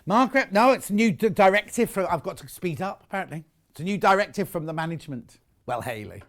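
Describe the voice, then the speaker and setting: A man's voice: sits high, expressive, fast talker. Gushing British man presenting a sales show. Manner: gushing, chatty, exclaiming over fabrics. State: out of breath. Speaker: shopping channel presenter. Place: TV studio.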